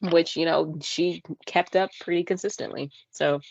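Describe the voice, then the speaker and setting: A woman's voice: fairly low pitch, steady tone, normal speed, vocal fry, highs cut off, a little hiss or hum. A young woman co-hosting a podcast, chatting casually with lots of fillers and playful voice imitations. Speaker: podcast co-host. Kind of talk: casual chat. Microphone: podcast mic.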